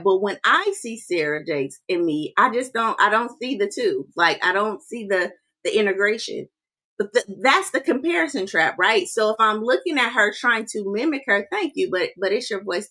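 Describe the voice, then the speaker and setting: A woman speaking as a life coach to a live audience. Her voice sits at a middle pitch, and she talks directly and with energy. She often stops to ask "right?" and says her main points twice. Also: sharp tone. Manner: direct, repeats key lines, checks in with 'right?'. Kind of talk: live-streamed coaching talk.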